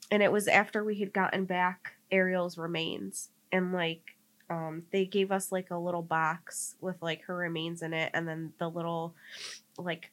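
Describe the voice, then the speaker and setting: A young woman with a lowish, slightly bright voice co-hosts a podcast and tells a personal story in casual conversation. She leans on "like" as a filler constantly and grows tearful and emotional as she talks.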